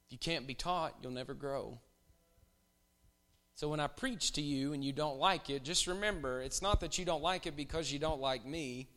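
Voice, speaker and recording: A man preaching a sermon in church, swinging from hushed, drawn-out lines to loud shouting bursts. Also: a little high.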